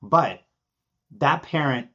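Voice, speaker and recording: Animated man from Argentina, lo-fi sound. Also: mid-range voice, takes it slowly. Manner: animated storyteller, acts out quoted voices. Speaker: guest. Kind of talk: podcast interview.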